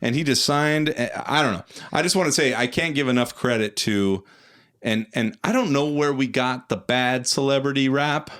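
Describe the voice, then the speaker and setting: A man co-hosting a podcast, telling an animated story in casual chat and acting out the voices of people he quotes. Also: medium pitch, moderate pace. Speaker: podcast co-host.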